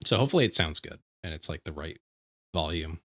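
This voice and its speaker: A man streaming from home, chatting casually with his viewers in a rambling, animated way, often restarting his sentences. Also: a bass voice, quick pace. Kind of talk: casual livestream chat. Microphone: desk microphone.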